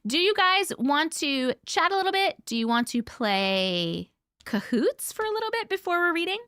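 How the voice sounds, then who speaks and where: A woman's voice: extremely high pitch, very animated, moderate pace, a bit bright, dry recording, clean studio sound. A woman hosting a casual livestream, chatting and greeting viewers by name in a bubbly way. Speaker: livestream host. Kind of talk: casual livestream chat reading comments.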